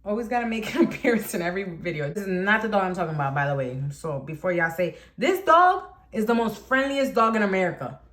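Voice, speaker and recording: A young woman vlogger telling a story casually, animated and blunt, with lots of slang. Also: mid-range voice, fast talker, few pauses.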